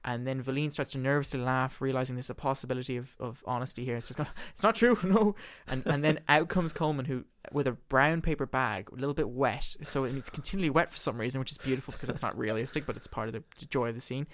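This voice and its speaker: A man animatedly retelling the scenes of a play in a casual discussion. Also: medium pitch. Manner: animated storyteller, quick and expressive.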